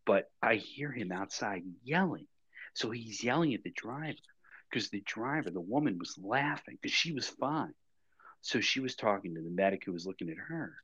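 A man with a deep, husky voice tells a story on a podcast with dry, deadpan delivery. The sound is dull and lo-fi, close and dry. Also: moderate pace, no echo. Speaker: podcast co-host. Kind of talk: casual chat, storytelling.

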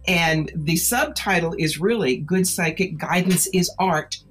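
A psychic and tarot-reading author talks in an interview with an animated, persuasive storytelling drive. Her voice sits very low for a woman. She leans hard on her key words. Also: unhurried, faint music behind. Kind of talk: interview conversation.

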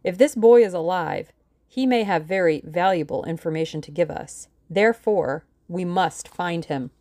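Woman voicing an older male lawyer, shrewd, dry, measured, lowish voice. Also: mellow, dry recording, lightly acted.

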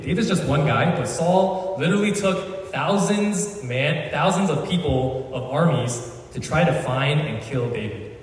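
Slangy preacher in an echoey hall. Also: male voice, mid-range voice, far from the mic, a little hiss or hum. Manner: chatty, slangy, storytelling with asides. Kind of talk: casual sermon.

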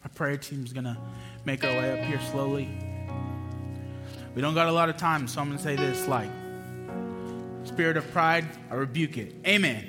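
A pastor preaching a passionate sermon in a church, moving between loud emphatic bursts and quiet asides. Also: male voice, mid-range voice, normal speed, long pauses. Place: church sanctuary. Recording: long hall reverb with music underneath. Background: music playing under the preaching.

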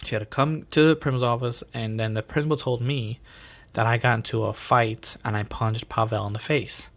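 A man hosting a podcast, telling stories in a casual, animated and profane way full of slang. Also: mid-range voice, fairly quick. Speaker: podcast host. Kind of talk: casual storytelling.

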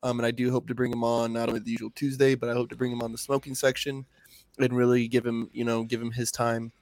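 A man's voice: mid-range voice, flat delivery, fast talker, darkish tone, no room sound. A man in his thirties co-hosting a podcast, telling stories in a casual, profane and heartfelt way. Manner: profane, emotional storytelling. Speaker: podcast co-host.

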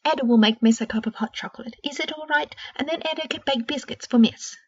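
A woman voicing a very old, small, kindly female house elf with a squeaky voice who speaks of herself in the third person. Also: fast, distant mic, lo-fi sound, natural voice. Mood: eager kindly.

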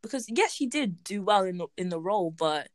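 A young woman co-hosting a film review chat, animated and frank, laughing often. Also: medium pitch, a little fast, no echo, clean studio sound. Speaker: podcast co-host reviewing films. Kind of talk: casual chat.

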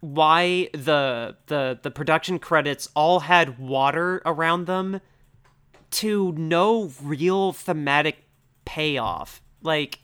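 A young man co-hosts a casual podcast about films, rambling with plenty of "like" fillers and laughing easily. His voice is a little high and slightly bright, with a clean tone, and he takes his time.

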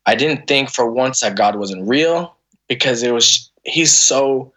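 A man in his thirties speaks as a guest on a podcast, sharing a personal story. His voice sits in an ordinary middle pitch, and his delivery is earnest and emotional, full of stops, restarts and fillers as he works through what he wants to say. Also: animated, a little slow, bright, forceful tone. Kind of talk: candid conversational storytelling.

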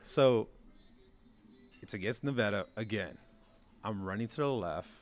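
A young man, a podcast guest and former quarterback, telling stories in a self-mocking, animated way and laughing as he goes. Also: fairly low pitch. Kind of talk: casual storytelling.

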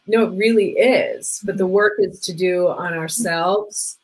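A woman's voice: lowish voice, fairly even intonation, measured pace, few pauses, low-quality recording. A middle-aged woman talking casually as a guest about parenting, chatty, with many "like" fillers, briefly acting out the people she quotes. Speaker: podcast guest, parenting coach. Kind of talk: casual conversation.

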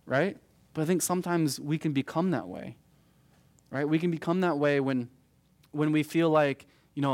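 A man's voice: a little high, moderate pace, darkish tone, no room sound. A man in his thirties teaching a youth group verse by verse through a Bible passage, conversational and peppered with "right?" asides. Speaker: youth pastor.

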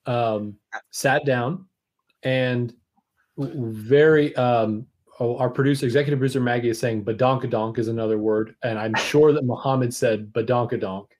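A man's voice: medium pitch, steady tone, moderate pace, darkish tone. A man hosting a casual podcast, tossing in playful jokes and asides.

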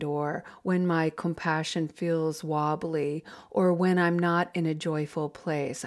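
Woman meditation facilitator, unhurried, lowish voice, gentle and reflective, guided meditation talk.

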